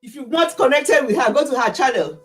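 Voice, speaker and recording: Speaking a little fast in a voice that sits high, this middle-aged Nigerian livestream host tells stories to her viewers. Her chat is casual and full of frequent laughter.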